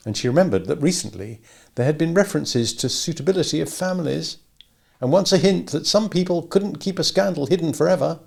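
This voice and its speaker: A man's voice: on the high side, animated, a little fast, vocal fry. A man narrating a novel as an audiobook, reading expressively.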